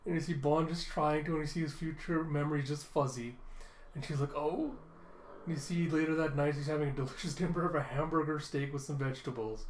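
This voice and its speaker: Man, anime reviewer, casual recap, chuckling, fairly high voice, echoey room. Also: quick pace, a little hiss or hum. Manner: animated, chuckling retelling.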